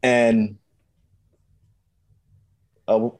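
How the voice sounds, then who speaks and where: A man's voice: mid-range voice, little pitch movement, very slow, darkish tone, dry recording. Emphatic sarcastic man, dry close sound. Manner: sarcastic, emphatic, repeats phrases. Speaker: podcast co-host. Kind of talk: casual chat.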